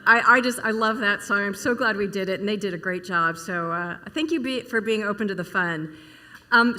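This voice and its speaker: A woman's voice: medium pitch, bright, forceful tone. A middle-aged woman minister giving a casual, storytelling sermon and asking her congregation questions in a church service. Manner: chatty, storytelling, asks the audience questions.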